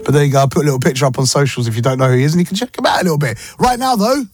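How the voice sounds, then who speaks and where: A man's voice: on the high side, animated, racing. A male radio presenter, chatting playfully and teasing listeners on a breakfast show in a studio. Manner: chatty, playful, teasing, switches into Hindi-Urdu phrases. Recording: music bed under the voice.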